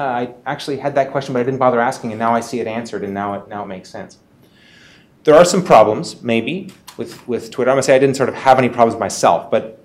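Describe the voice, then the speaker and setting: A man's voice: mid-range voice, a little mellow. A middle-aged man, a medical lecturer, talking casually on a panel, conversational with frequent restarts. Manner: conversational, frequent restarts and quoted student questions.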